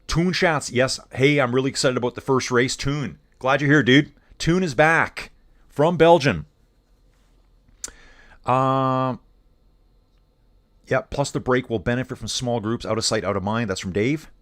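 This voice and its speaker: A man's voice: medium pitch, unhurried, long pauses, fairly bright tone. A man streaming live cycling commentary, rambling casually and calling his viewers dude and guys as he reads the chat. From Canada.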